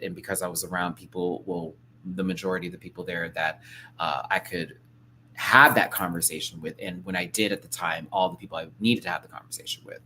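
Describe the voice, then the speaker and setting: A man hosting a casual live-stream review, ranting to his viewers in a sassy, slangy, animated way that swings between loud bursts and soft asides. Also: low voice, a little hiss or hum. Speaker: show review host.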